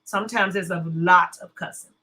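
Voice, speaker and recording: A woman hosts a casual commentary livestream, blunt and cussing, greeting viewers as she chats. Her voice is on the low side, pushed and bright, strained from a sore throat, at a moderate pace. The recording is low quality.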